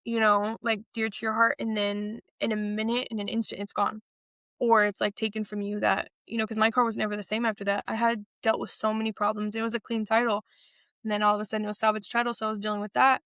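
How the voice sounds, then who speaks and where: A young adult woman, an interview guest, telling stories in a lively casual way and acting out what people said. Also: medium pitch, quick pace, no room sound, clean studio sound. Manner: animated, acts out quotes with laughs.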